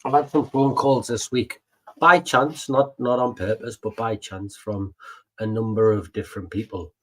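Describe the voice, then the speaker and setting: A man's voice: lowish voice, fairly even intonation, moderate pace. A man, co-hosting a podcast and telling family stories in casual chat, full of fillers and the odd swear. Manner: chatty, swears, tells stories with many fillers. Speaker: podcast co-host.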